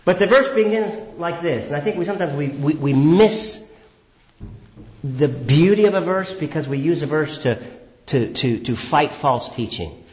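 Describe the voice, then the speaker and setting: A man's voice: animated, a little mellow. Emphatic preacher man, roomy and dull. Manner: asks the congregation questions and answers them himself; swings between raised emphatic phrases and low drawn-out words. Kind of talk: sermon. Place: church hall. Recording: echoey, dull church hall recording.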